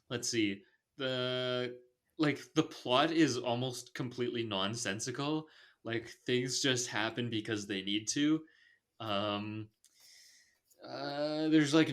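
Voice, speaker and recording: A man's voice: on the low side, a bit bright. Guy hosting a podcast, super casual, blunt, lots of ums and likes. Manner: loose, filler-heavy and blunt. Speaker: podcast host. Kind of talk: casual movie review chat.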